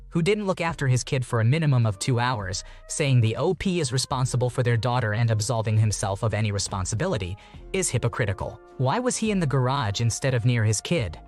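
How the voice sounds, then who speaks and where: Man reading posts in steady narration. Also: medium pitch. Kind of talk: scripted narration.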